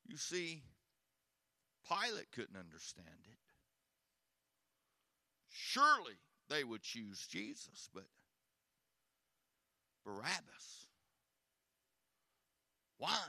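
Preacher, hushed to shouting. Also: male voice, medium pitch, huge pitch swings, very slow, pauses often, no room sound, clean studio sound. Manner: swings from hushed to shouted, repeats words. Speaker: pastor. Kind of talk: sermon.

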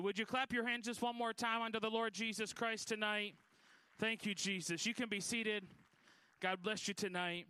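A man's voice: high-pitched, little pitch movement, normal speed, sharp tone, smooth, no room sound, faint music behind. A middle-aged man from Michigan preaching as a guest at a Pentecostal church, telling a folksy, self-deprecating story with many restarts. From Michigan, USA. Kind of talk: Pentecostal sermon with personal story.

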